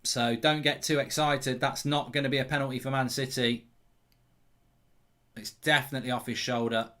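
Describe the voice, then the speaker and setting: Excitable man commentating a live match. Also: mid-range voice, normal speed. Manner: excitable, reads viewer messages aloud, rises sharply in big moments. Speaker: football watchalong host.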